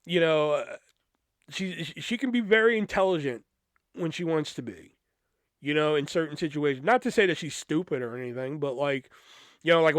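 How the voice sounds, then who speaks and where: A man's voice: a little high, a bit bright, no echo, studio quality. A young man hosting a podcast, telling a personal story in a casual, profane, rambling way with frequent restarts. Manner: profane, rambling, lots of restarts and "you know". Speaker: podcast host.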